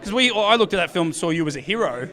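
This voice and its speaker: An Australian man works a city red carpet with a handheld mic, joking with guests and laughing easily. His voice sits high and comes across bright and forceful. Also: expressive, racing. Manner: jokey, matey and laughing. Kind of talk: casual red carpet chat.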